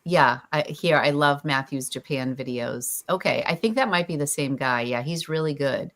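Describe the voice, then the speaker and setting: A woman hosting a casual livestream chat, relaxed and talkative, greeting viewers by name. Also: deep voice, normal speed. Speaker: host.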